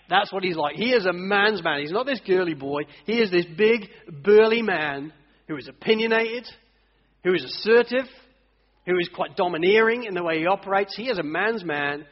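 High-voiced preacher in a reverberant hall. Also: male voice, moderate pace. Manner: animated storytelling, acts out voices in stories. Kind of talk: sermon. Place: church hall. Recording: dull audio, long church reverb.

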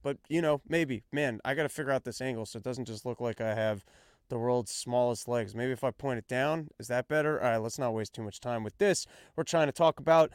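A man's voice: medium pitch, a little fast, no room sound, studio quality. A man who is a stand-up comedian hosting his own show, talking in a casual, rambling, self-mocking monologue with stumbling restarts. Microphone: self-filmed on action camera.

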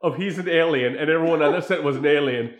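A man casually recapping a film scene by scene, crude and animated, mimicking the characters' lines as he goes. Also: on the high side, quick pace, echoey room. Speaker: podcast co-host recapping a film. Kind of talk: casual chat.

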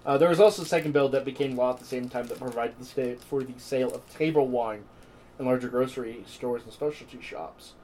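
A man's voice: medium pitch, fairly quick, darkish tone, low-quality recording. A man co-hosting a podcast, reading history notes aloud with irreverent, jokey asides. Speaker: podcast co-host. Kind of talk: casual chat and reading history.

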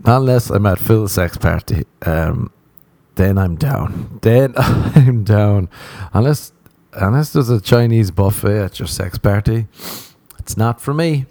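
On his solo podcast, a non-American-accented man wanders between stories, cursing, laughing often and making fun of himself. He's animated and a little slow, with a slightly low, dark-toned voice captured dry and echo-free on a close mic.

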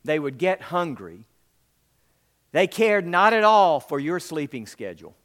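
A man's voice: a little high, very animated, a little slow, fairly bright tone. A man preaching a sermon as pastor, emphatic and repetitive, acting out the people in the story.

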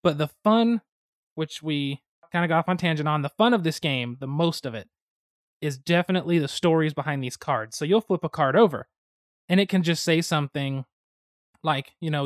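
A man from the United States, co-hosting a podcast, telling board-game stories in a lively, chatty way with sudden fast bursts. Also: on the high side, dry recording, clean studio sound. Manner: animated storytelling, quick bursts of speed. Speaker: podcast co-host. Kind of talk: casual chat about board games.

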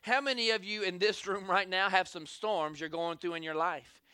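Telling a story from the pulpit, a high-pitched man preaches at normal speed, acting out scenes and urging the crowd to say amen. The sound is clear, resonant, dry, and studio quality, and his delivery is animated.

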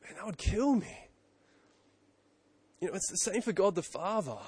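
Pastor, a man in his 30s, preaching casually with repeated questions, slightly high voice, close and dry. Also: expressive, normal speed, darkish tone, husky, no echo. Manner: conversational, self-correcting, rhetorical questions. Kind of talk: sermon.

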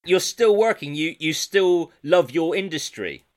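Male podcast host, slightly high-pitched, enthusiastic interviewer. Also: lively intonation, a little slow.

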